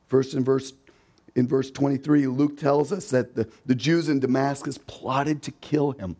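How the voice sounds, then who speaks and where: A man's voice: medium pitch, fairly even intonation, measured pace, warm tone. Man preaching with rhetorical questions. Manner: acts out quoted voices; emphatic repetition. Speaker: pastor. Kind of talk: sermon.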